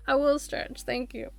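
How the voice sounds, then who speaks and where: A woman streaming a video game live, chatting casually and rambling, often laughing and acting out animated quotes. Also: high voice. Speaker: Twitch streamer.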